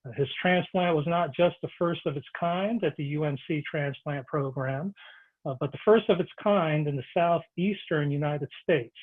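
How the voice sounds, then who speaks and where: A man's voice: a little high, moderate pace. A man hosting an online Q&A, reading his introductions with frequent "uh" fillers. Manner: reads announcements with frequent "uh" fillers. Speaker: host. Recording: tinny phone-like line.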